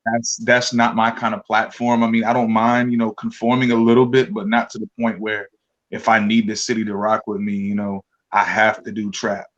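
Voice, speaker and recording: A man's voice: fairly low pitch, level tone, moderate pace, fairly bright tone, lo-fi sound. A man from Georgia being interviewed on the radio as a guest rapper, easygoing, laughing often and talking loosely. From Georgia, USA.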